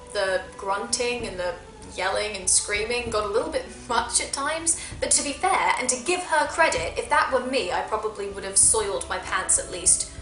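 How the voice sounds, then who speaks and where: A woman gaming vlogger talking casually to her viewers, chatty and quick to poke fun at herself. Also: mid-range voice, a bit bright, echoey room. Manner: chatty and self-mocking. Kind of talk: casual video commentary.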